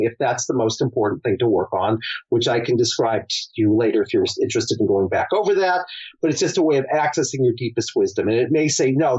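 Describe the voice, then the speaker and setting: A man's voice: mid-range voice, darkish tone, breathy edge, dull audio. A middle-aged male psychologist, a guest on an interview, explaining his method through a storytelling client case. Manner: storytelling, acts out client quotes.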